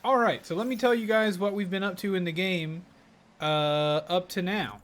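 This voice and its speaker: A man's voice: sits high, fairly even intonation, moderate pace, a bit bright. Chatty male game streamer. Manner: chatty, upbeat, often thanking viewers. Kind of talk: casual live gaming commentary.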